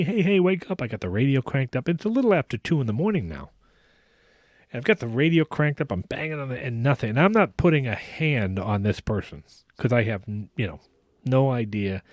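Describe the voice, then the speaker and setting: A man hosting a podcast, casually telling a long anecdote in an animated way, with frequent restarts. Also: mid-range voice, no echo, studio quality. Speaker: podcast host. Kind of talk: casual storytelling.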